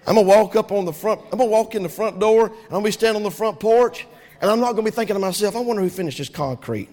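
A man, preaching a sermon with rising shouts and call-and-response. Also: high-pitched, steady tone, racing. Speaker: pastor. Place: church sanctuary. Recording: long hall reverb.

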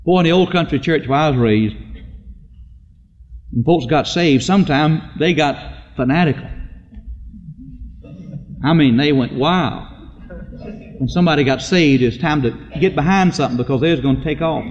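A man's voice: a little high, moderate pace, pauses often. A man preaching a sermon, telling stories in a folksy way and acting out the voices of the people in them. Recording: dull lo-fi recording in a reverberant hall.

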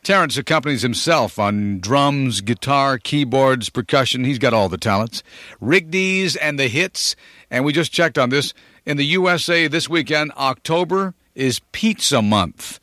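A man's voice: medium pitch, expressive, measured pace, sharp tone, dry recording, clean studio sound. A man hosting a radio countdown, chatting playfully and teasing callers. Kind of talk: upbeat radio DJ patter.

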